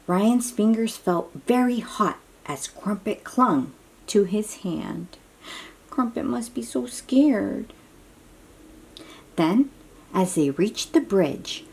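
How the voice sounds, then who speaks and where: Animated, slow-paced woman reading to kids. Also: medium pitch. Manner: animated, exclamatory, chatty asides to young listeners. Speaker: children's book reader. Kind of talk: read-aloud storytelling for children.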